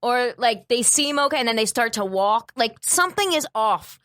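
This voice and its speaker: Woman, comedian, bright high voice, dry close sound, animated storytelling. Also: moderate pace, no room sound. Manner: animated, swearing, jumps into voices. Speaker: comedian guest.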